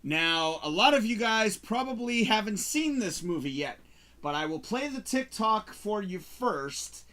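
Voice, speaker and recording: A man's voice: sits high, a little slow. Chatty man hosting a talk show. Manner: chatty, animated, rambling. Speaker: show host reviewing movies. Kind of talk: casual talk-show monologue.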